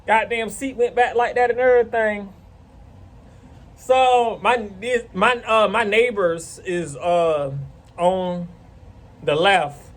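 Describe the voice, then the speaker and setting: A man's voice: high voice, takes it slowly. A man casually telling a rambling, profane story to camera. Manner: rambling, profane, animated retelling.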